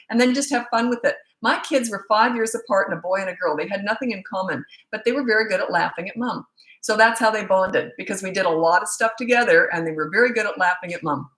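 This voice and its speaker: A woman's voice: medium pitch, a bit bright. A middle-aged woman, a parenting coach, answering viewer questions in a chatty, self-mocking way and laughing often. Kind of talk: casual Q&A monologue. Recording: roomy echo.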